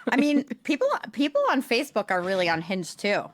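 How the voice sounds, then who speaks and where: Woman, casual podcast co-host, blunt and flat-voiced, mid pitch, dry close recording. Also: fairly quick, dry recording. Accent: accent others comment on, likened to a nasal New York voice. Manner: self-described monotone, casual and blunt with mild swearing. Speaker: podcast co-host, social media marketer. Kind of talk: casual chat.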